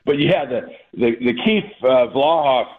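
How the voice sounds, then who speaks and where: A man's voice: mid-range voice, lively intonation, unhurried. Older man on a tinny phone line. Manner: folksy storyteller, chuckling. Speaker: guest, retired basketball coach. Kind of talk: radio interview storytelling. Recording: phone-line call-in audio.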